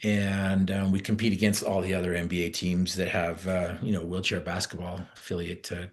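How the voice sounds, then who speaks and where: A middle-aged man from Utah giving an energetic motivational talk, telling a story and driving home repeated phrases. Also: deep voice, normal speed. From Utah, USA. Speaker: motivational speaker.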